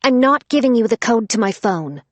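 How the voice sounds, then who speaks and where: A woman narrating an audiobook, voicing a stubborn, sharp-tongued young woman who speaks shrilly and defiantly. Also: on the high side, animated, moderate pace, no echo, pitched above the performer's own voice. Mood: shrill. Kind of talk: audiobook character voice.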